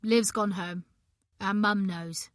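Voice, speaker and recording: A woman narrator voicing a weary young husband who speaks in a flat, cool, firm tone. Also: medium pitch, slow, dry recording, clean studio sound, close to an everyday voice.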